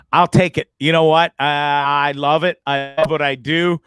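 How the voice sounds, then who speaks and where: A man's voice: a little high, fairly bright tone, a little hiss or hum. A man hosting a casual live stream from a bedroom in the back of a bus, rambling and joking, then turning sentimental. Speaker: host.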